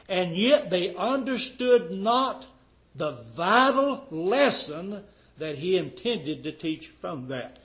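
High-voiced fervent male preacher. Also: poor audio. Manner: fervent, rhetorical questions, wide swings in loudness. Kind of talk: sermon.

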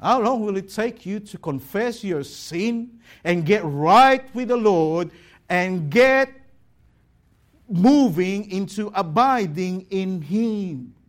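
A pastor preaching a sermon, exhorting the congregation with pointed rhetorical questions. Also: male voice, high-pitched, lively intonation. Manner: exhorting, rhetorical questions, slow deliberate delivery.

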